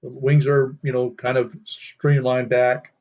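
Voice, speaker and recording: Slow, rambling older man reminiscing. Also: medium pitch, level tone, darkish tone. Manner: rambling, with many fillers. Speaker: storyteller. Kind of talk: casual reminiscing. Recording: dull lo-fi sound.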